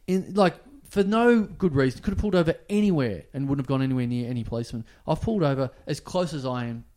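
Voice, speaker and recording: A man's voice: medium pitch, animated, fast talker, darkish tone. A man, co-hosting a podcast and telling a rambling anecdote in casual chat, acting out bits of dialogue. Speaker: podcast co-host.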